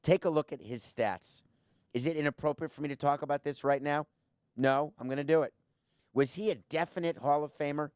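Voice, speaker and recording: A man's voice: on the high side, a little fast, a little mellow, smooth, no echo. A middle-aged man hosting a sports talk show from a studio, giving combative opinions and teasing his producer. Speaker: sports podcast host. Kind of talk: opinionated sports commentary monologue.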